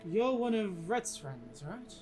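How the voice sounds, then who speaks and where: A regal, courteous stranger from a dream, formal and quietly curious, as a man game master puts him on. Music plays under the voice. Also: sits high, very animated, slow pace, voice pushed up, exaggerated voice.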